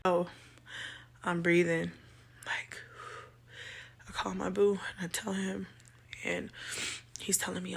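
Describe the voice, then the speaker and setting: A woman vlogger telling a personal story to her viewers, halting with many pauses and fillers, shaken and emotional. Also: lowish voice, level tone, vocal fry, slightly rough.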